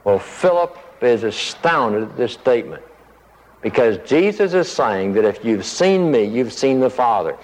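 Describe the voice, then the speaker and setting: A man teaching from the Bible in an easygoing, conversational way, pausing to think aloud and voicing the scripture he quotes. His voice sits at an ordinary middle pitch. A long reverb trails behind every phrase. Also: darkish tone.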